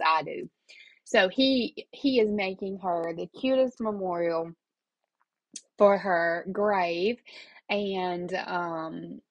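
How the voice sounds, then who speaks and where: A woman's voice: mid-range voice, no room sound, highs cut off. A middle-aged woman, talking casually and emotionally as a podcast host, rambling from one thought to the next. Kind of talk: casual personal talk.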